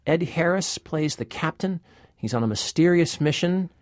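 A man's voice: on the high side, lively intonation, moderate pace, no echo, clean studio sound. A man co-hosting a movie review podcast as the critic, chatting casually and joking, laughing often.

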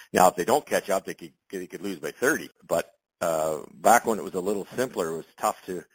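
A man's voice: low voice, breathy edge, no echo, rough recording. A middle-aged man, a former curling champion, giving loose, rambling expert commentary in an interview, full of fillers and restarts. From Canada.

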